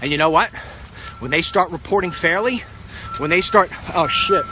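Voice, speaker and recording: Man, middle-aged, bright forceful voice, slightly high pitch, rambling political vlog on a street walk, faint street noise. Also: animated, moderate pace. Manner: rambling, confident, talks to the president directly. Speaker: political vlogger. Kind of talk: walk-and-talk vlog commentary. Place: outdoors on a street walking.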